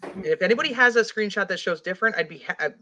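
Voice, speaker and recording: A woman's voice: mid-range voice, animated, rapid-fire, sharp tone, a little hiss or hum. A woman hosting a casual true-crime discussion, rambling with lots of "like" while reading comments aloud. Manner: rambling, heavy use of "like". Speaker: host. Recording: dull lo-fi audio.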